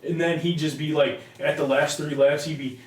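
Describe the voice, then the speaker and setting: A man's voice: on the high side, fairly even intonation, normal speed. A young man co-hosting a casual podcast, telling rambling, profanity-laced stories. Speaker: podcast co-host. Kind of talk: casual chat. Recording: echoey room.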